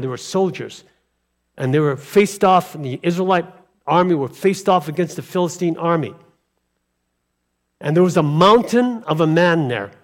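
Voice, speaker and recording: A male pastor preaching a sermon emphatically, with rhetorical questions and call-and-response to the congregation. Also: fairly high pitch.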